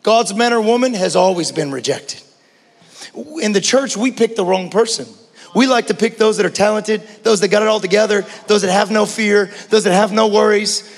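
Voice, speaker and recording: A man preaching a sermon as pastor, passionate, swinging between hushed talk and shouting. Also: high-pitched, normal speed, in a large hall. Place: church.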